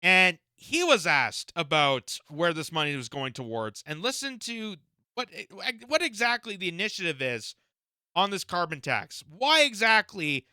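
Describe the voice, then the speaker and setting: Canadian guy ranting about a news clip, high pitched, super bright and dry. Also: no room sound. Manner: indignant, rhetorical questions, frequent fillers. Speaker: political commentator. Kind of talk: reaction commentary.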